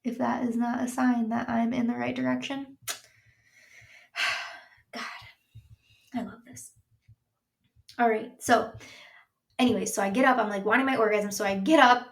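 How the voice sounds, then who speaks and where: A woman's voice: a little high, little pitch movement, brisk, creaky, echoey room, distant mic. A woman hosting a casual solo podcast as a sex coach, talking candidly and chattily, full of likes and restarts. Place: home room by a window.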